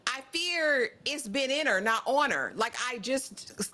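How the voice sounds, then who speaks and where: A woman co-hosting a casual TV recap chat, sassy and animated, often acting out the characters she quotes. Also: sits high, a little slow, a little hiss or hum. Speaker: podcast co-host.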